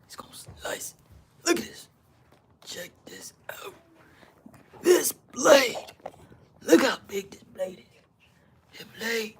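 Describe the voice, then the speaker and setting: A woman's voice: on the high side, big pitch swings, slow pace, long pauses, slightly rough, heavily acted. A woman putting on a playful whispering craft demonstrator. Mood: playful demo. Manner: half-whispered step-by-step tool demo, playful. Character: woman putting on an accented craft-demo host persona.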